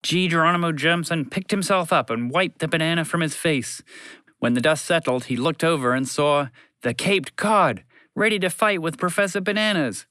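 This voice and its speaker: A man's voice: on the high side, moderate pace, bright, forceful tone, clean tone, no echo, studio quality. A man narrating a children's story in a playful, teasing way, answering interruptions as he goes.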